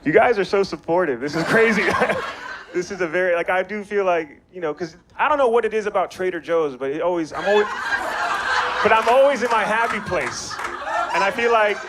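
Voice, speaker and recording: A man's voice: high voice, animated, brisk. Young man, stand-up comedian, slangy crowd banter, bouncy delivery, noisy live bar. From Maryland, USA. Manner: loose, chatty delivery with slang and audience banter. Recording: live bar set with noticeable background noise.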